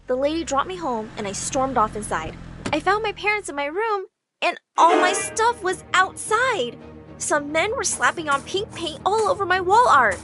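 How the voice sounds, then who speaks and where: A woman narrating an animated drama story in an expressive, dramatic way. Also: very high-pitched, moderate pace. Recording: faint background music.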